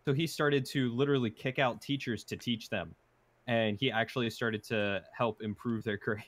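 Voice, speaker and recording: A man's voice: mid-range voice, no room sound. Dry-sounding young man chatting casually. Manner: relaxed, recounting film scenes. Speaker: co-host. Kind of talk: casual chat while doing a puzzle.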